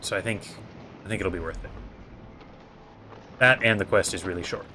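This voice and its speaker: A man's voice: low voice, moderate pace, bright, forceful tone, faint music behind. A man giving casual gameplay commentary as host, thinking aloud in a hesitant way with many fillers. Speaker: gaming video host.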